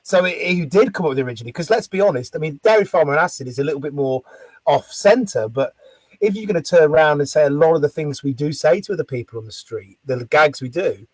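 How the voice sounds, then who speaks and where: Guy hosting a podcast chat, kinda high husky voice, dry close sound, swears a bit. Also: animated, fast, no room sound, poor audio. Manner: chatty, swears casually. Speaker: podcast host. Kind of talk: casual interview chat.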